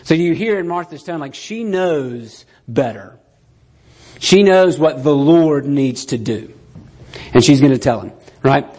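A man's voice: fairly high pitch, animated, a little slow, darkish tone, husky. Man preaching a conversational sermon. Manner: conversational, keeps asking "right?"; acts out the quoted lines.

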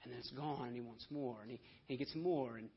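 A man preaching a sermon with passion, dropping to hushed lines and then rising to loud, emphatic ones. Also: mid-range voice, a little fast, vocal fry, breathy edge. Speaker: pastor. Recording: dull lo-fi sermon audio.

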